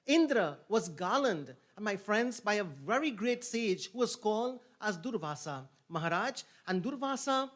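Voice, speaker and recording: A man's voice: sits high, big pitch swings, normal speed, hardly any pauses, a bit bright. A man giving a sermon as a pundit, telling the story with repeated phrases and rising emphasis on key points. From Trinidad and Tobago. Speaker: pundit officiating a yagna.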